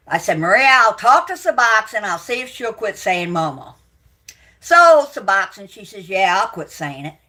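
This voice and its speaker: A middle-aged woman with a drawl rants at her viewers, swearing constantly and spitting insults. Her voice is bright and cutting, and her pitch sits in a middle range for a woman. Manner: profane, shouting, insulting. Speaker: livestream host. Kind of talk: angry rant to viewers.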